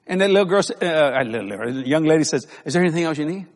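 A man's voice: on the high side, very fast. A man preaching a sermon as pastor in a church, telling folksy stories with lots of laughter. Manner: folksy storytelling, animated, laughs often. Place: church sanctuary. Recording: long hall reverb.

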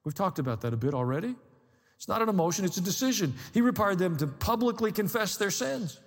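A man with a notably high voice delivers a sermon from the pulpit, mixing dry asides with rising emphasis. His words ring out with a long reverb, as if in a large sanctuary. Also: sing-song, fast talker. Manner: conversational preaching with dry humor and rising emphasis. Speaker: pastor.

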